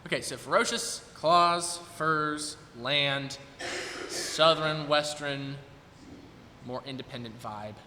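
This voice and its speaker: A young man in his twenties talks casually to an audience from the stage, thinking aloud and hesitating as he goes. His voice is bright and forward. It rings with the long reverb of a recital hall, over a faint hiss of noise. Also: mid-range voice, slow pace. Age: 20s. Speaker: recital performer talking to the audience.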